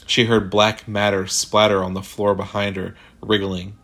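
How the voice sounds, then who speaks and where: A man reading a sci-fi horror short story aloud in a measured, deliberate way. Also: fairly low pitch, little pitch movement, a bit bright. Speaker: narrator. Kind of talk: scripted horror story narration.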